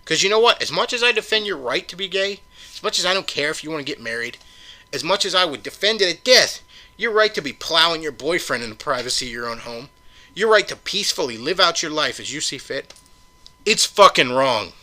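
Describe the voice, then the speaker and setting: A man's voice: a little high, expressive, brisk, bright, forceful tone. A man hosting a podcast in a heated solo rant, swearing often and firing off sarcastic rhetorical questions. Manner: profane, sarcastic, heated ranting. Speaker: podcast host.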